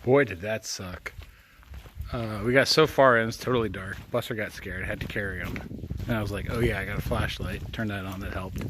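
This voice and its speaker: A man's voice: on the low side, brisk, noisy background. A man chatting and joking casually while walking his dogs outdoors, a bit out of breath. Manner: joking, chatty, puts on silly voices. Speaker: dog-walking vlogger. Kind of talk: casual vlog narration while hiking. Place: outdoors on a trail and in a tunnel.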